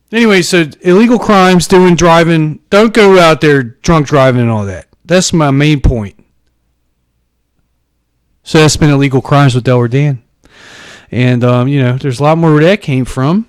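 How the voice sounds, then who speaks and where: A man's voice: on the high side, normal speed, clear, resonant tone, no echo. Rambling, foul-mouthed comedy podcast man. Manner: rambling, profane, stumbles over words. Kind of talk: improvised comedy podcast monologue. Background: soft music playing underneath.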